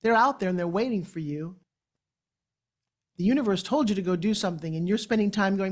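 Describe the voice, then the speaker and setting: A woman in her sixties from New York, with a New York accent, giving a motivational keynote speech on stage with dramatic, animated storytelling. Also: medium pitch, brisk, pauses often. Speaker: motivational speaker. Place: event stage before an audience.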